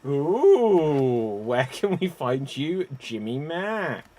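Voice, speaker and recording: A man hosts an online improv comedy game with a slightly raised voice. He talks at an unhurried pace and breaks into loud, animated exclamations. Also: a little high. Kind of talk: lively online improv show hosting.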